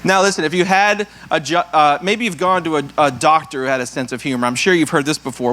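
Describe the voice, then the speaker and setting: A male pastor leading prayer and announcements, playful and quick to laugh at his own jokes, acting out puns in silly voices. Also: on the high side, pushed and bright. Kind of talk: church service prayer and announcements.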